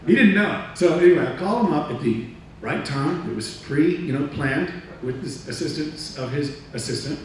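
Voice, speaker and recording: A man giving a talk, telling a story from his career in a lively way, acting out other people's lines and laughing at himself. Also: a little high, normal speed. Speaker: motivational speaker. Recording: echoey room, distant mic, faint noise.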